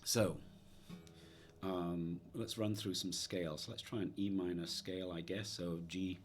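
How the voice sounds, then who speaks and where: A man's voice: low voice, steady tone, unhurried. A man reviewing an acoustic guitar in a casual, musing way, wandering into asides while he talks it through. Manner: thoughtful, musing, with trailing asides. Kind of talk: casual gear review talk. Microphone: dynamic supercardioid about half a metre away.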